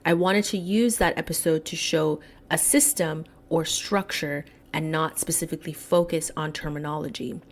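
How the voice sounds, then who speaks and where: A woman hosting a solo podcast, speaking in an emphatic commentary style and slowing down to stress key words. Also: low-pitched. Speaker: podcast host.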